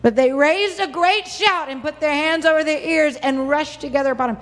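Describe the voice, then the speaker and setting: Impassioned woman preaching in an echoing church. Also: normal speed. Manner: impassioned, acts out quoted voices with big pitch swings. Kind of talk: sermon.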